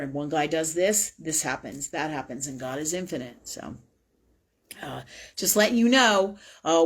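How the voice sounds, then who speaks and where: A woman hosting a spiritual live talk show, talking casually in a rambling, blunt way and swearing freely. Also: on the low side.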